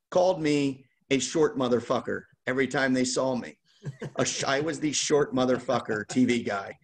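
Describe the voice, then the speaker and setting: A man hosting a card-opening show, telling a lively casual anecdote with laughs. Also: medium pitch, moderate pace. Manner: animated, laughing anecdote teller. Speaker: host opening baseball card packs. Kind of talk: casual storytelling.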